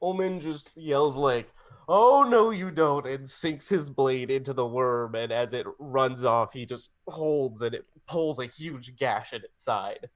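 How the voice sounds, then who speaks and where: A man's voice: medium pitch, a little slow, few pauses. A man playing in a tabletop game, easygoing as he narrates his character's actions. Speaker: player. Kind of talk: casual tabletop play.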